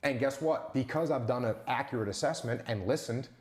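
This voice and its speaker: A man's voice: mid-range voice, fairly quick, roomy sound. A man answering as an interview guest, talking emphatically with rhetorical questions and repeated short punchlines.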